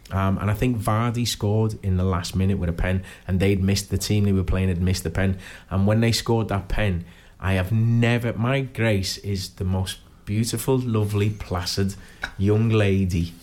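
A man's voice: fairly low pitch, darkish tone. Man, casual podcast guest, rambling anecdotes. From Liverpool area. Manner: rambling anecdotes, repeats "do you know what I mean". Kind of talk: casual chat.

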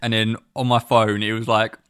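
A man's voice: fairly low pitch, little pitch movement, normal speed, a bit bright, smooth, dry recording, clean studio sound. A man from England co-hosting a casual podcast, telling rambling stories full of fillers and laughing at himself. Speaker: podcast co-host. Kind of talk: casual chat.

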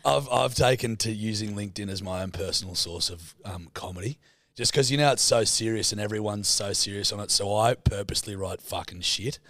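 A man's voice: lowish voice, a little fast, fairly bright tone, no echo. A man with an Australian accent co-hosting a podcast, swearing freely and telling laid-back yarns. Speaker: podcast co-host. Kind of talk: casual chat.

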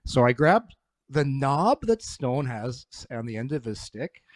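A man's voice: mid-range voice, sing-song, measured pace, dry recording. A man, a former hockey player who now does broadcasts, telling rambling stories in a casual sports chat. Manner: rambling anecdotes with restarts.

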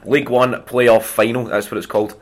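A Scottish man in his thirties, a comedian and podcast guest, telling chatty, animated anecdotes in a casual way. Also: medium pitch, brisk. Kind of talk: casual storytelling.

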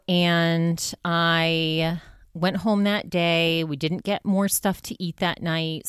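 A woman's voice: lowish voice, clear, resonant tone, dry recording, studio quality. A woman hosting her own podcast, talking casually and candidly about her week, with lots of "like" and "you know". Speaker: podcast host. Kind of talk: casual solo podcast monologue.

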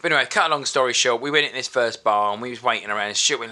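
A man's voice: mid-range voice, very fast, sharp tone. A man as a podcast guest, rambling through a sweary story in casual banter.

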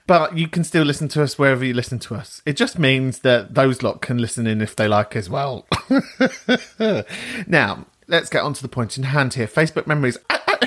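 A man's voice: mid-range voice, a bit bright. A man hosting a podcast in casual chat, cheeky and sweary, laughing often. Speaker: podcast host.

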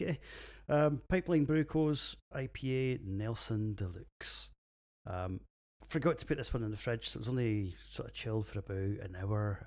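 A Scottish man with a low, gravelly voice rambles through a solo beer podcast. His talk is crude, full of swearing and jokes at his own expense, and he records from his home office. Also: darkish tone. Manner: crude, sweary, self-mocking banter. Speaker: podcast host reviewing beers. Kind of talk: casual solo podcast monologue.

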